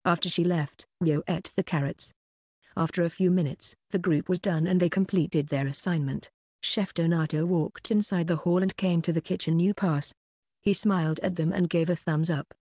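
An audiobook narrator reading a web novel in an even, unhurried way. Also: medium pitch, slightly rough, no echo, studio quality.

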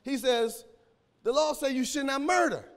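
Male pastor, high voice, AAVE, shouting sermon with a cracking voice, echoing church hall. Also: moderate pace. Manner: preaching with call-and-response and sudden shouts.

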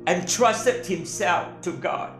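A woman preaching a sermon in short, measured phrases, pausing for an interpreter. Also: fairly low pitch, roomy sound, faint music behind.

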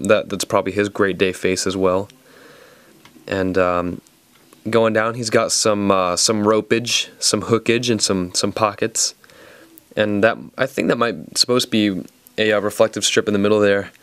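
Southern-accented man, casual reviewer, lowish smooth voice, dry close sound, rambling playful jokes. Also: no room sound. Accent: Southern American. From American South. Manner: rambling, jokey, playful asides. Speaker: toy reviewer.

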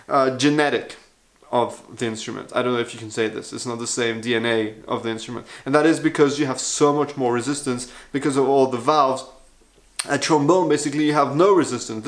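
A man talking through a casual video review as a trombone player, chatty, frank and self-deprecating. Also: medium pitch.

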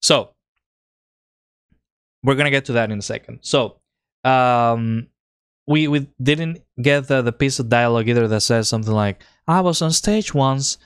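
Male streamer, excited and rambling, clear voice, dry close mic. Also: mid-range voice, moderate pace, pauses often, dry recording. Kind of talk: live-stream commentary.

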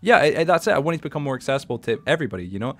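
A man of twenty-one with a light Scottish accent, hosting a casual podcast chat in a lively, talkative way. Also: medium pitch, a little hiss or hum. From Scotland. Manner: quick, animated, says "you know what I'm saying". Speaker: podcast host.

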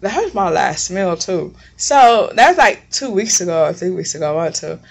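A woman's voice: fairly low pitch, very animated, moderate pace, creaky. A young woman vlogger telling a long story in a casual, blunt and profane way, rambling as she goes. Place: home kitchen.

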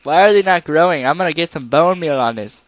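With a fairly high, expressive voice and a slightly quick pace, a young let's player chats through his game. He rambles and occasionally sings short bits of songs.

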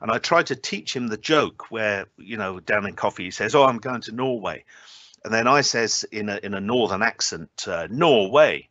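A low-pitched man with a bright, forceful edge gives an online academic talk, pausing often on filler sounds and slipping in dry jokes. The sound is dry and close, a little muffled. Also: expressive, dry recording. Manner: hesitant, many filler sounds and restarts, dry humour. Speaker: invited speaker at a scientific symposium.

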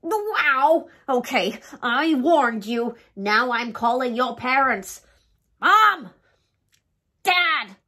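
A woman's voice: on the high side, slow pace, hardly any pauses, fairly bright tone. A woman reading a picture book aloud in a dramatic, pleading, playful way, as the host of a storytime channel.

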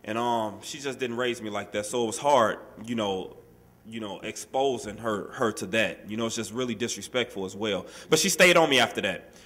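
A man's voice on the low side carries his life story to a workshop audience at a moderate pace. Animated and casual in a street-style way, he leans on "you know" and "man" and acts out the voices he quotes.

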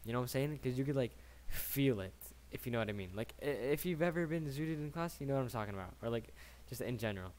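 A man's voice: mid-range voice, animated, fast, a little mellow, slight background noise. A young man in his late teens telling a casual story, rambling and slangy, swearing often and tagging his sentences with "right?".

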